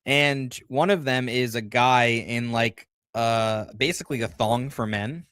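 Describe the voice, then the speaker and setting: A man's voice: mid-range voice, a little slow, fairly bright tone, clean tone, dry recording, clean studio sound. A man chatting casually on a livestream, rambling through a story and reading viewer comments aloud. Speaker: livestream co-host.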